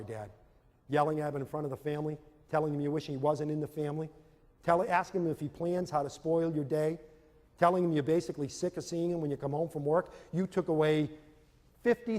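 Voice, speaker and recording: Man, high voice, lively motivational talk, acts out scenes, hall echo. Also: a little fast. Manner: animated storytelling, acts out scenes. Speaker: speaker. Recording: long hall reverb.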